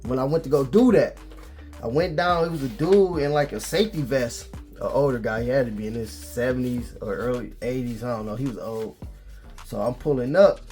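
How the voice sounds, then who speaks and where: A man tells a story for his vlog in a casual, animated way, his exasperation showing. His voice sits at a middle pitch. Faint music plays behind him. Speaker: vlogger.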